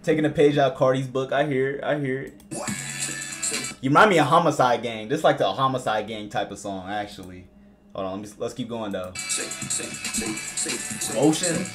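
A young man streaming live as he reacts to rap songs, excitable and slangy, repeating himself. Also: medium pitch, brisk, faint music behind.

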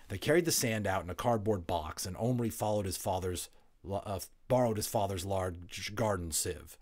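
Male audiobook reader, low voice, relaxed with casual asides. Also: moderate pace. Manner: relaxed, chatty asides, small slips. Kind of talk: reading a novel aloud with casual asides.

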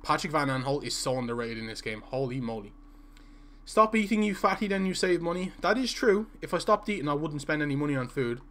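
A young man, his voice a touch on the high side, talks loosely through a live gaming stream. He jokes and reads out viewer messages as he goes. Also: animated, brisk, a bit bright. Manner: chatty and joking, reading out viewer messages.

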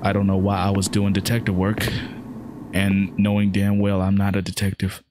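A man's voice: deep voice, monotone, normal speed, background noise. A man commentating as he plays a horror game, joking, then yelping and pleading at it in panic. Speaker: gaming channel host. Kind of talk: let's play commentary. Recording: loud game music behind. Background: game music.

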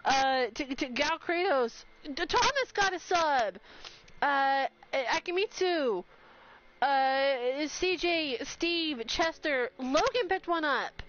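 A woman streamer, talking to her live chat in an excited, overwhelmed rush of exclamations. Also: sits high, slow pace. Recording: slightly dull sound with faint noise.

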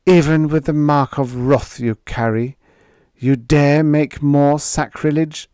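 Male narrator doing a grieving, devout old mother, high and reproachful. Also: steady tone, slow pace, dark tone, smooth, no room sound, clean studio sound. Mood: reproachful wailing.

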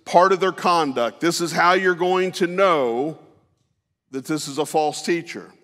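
Echoing through the long reverb of a large hall, a pastor in a church sanctuary preaches a conversational sermon woven with personal stories. His voice is a bit bright and a little high for a man, and his delivery is folksy and unhurried, with frequent "uh"s and restarts.

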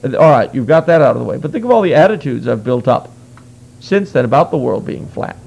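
A man's voice: mid-range voice, sing-song, a little fast, creaky, a little mellow, muffled recording. A man giving a conversational history lecture as a guest, explaining earnestly with wry asides. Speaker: guest speaker.

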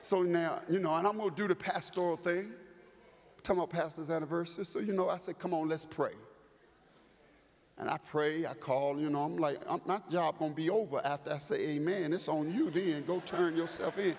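A man preaching as bishop, telling a story in an animated way and acting out the voices. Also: a little high, brisk. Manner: animated, acts out voices, builds to shouting. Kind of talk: storytelling sermon. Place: large church sanctuary. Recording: echoey church hall, faint ambience.

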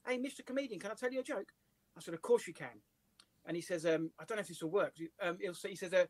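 An English comedian telling animated anecdotes with voices and laughs in a casual interview over a video call. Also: male voice, high-pitched, fast talker, low-quality recording. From England. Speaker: comedian guest.

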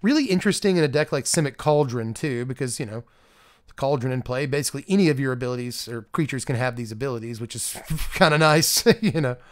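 A man's voice: mid-range voice, quick pace. A man with a strained voice hosting a card game channel, reading card text aloud and rating each card in a chatty, self-deprecating way. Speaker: card game channel host reviewing a set. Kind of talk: casual solo review talk.

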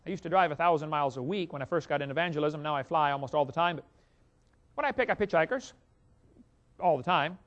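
High-voiced preacher guy, folksy storyteller talking right at the crowd, muffled lo-fi sound. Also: fast. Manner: folksy, animated storyteller who speaks to the audience directly. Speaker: evangelist. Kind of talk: storytelling sermon to an audience. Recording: dull lo-fi recording.

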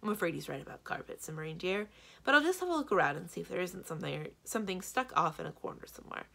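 A woman voicing a brisk, fussing, motherly female giant. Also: fairly low pitch, sing-song, vocal fry, bright, forceful tone, exaggerated voice.

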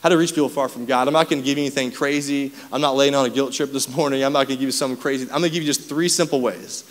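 Pastor, male, quick casual preacher with frequent laughs, long hall reverb. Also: medium pitch. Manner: casual storytelling, laughs often, animated. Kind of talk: sermon. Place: church auditorium.

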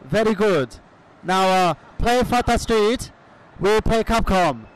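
A pompous comic foreigner speaks in stilted, broken English, firing off short barked phrases, as a man puts him on for a live podcast bit. The voice sits high. It is recorded live at a convention hall. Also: animated, takes it slowly, clean tone. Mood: mock-formal.

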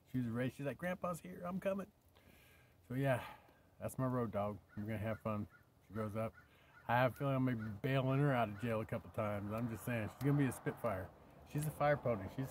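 An older man talks to camera in a loose, rambling vlog, sometimes sinking into a near whisper. His voice sits at an ordinary middle pitch. A faint outdoor hum sits behind him. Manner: rambling, drops to a whisper at times. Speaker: vlogger. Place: camping by his vehicle outdoors.

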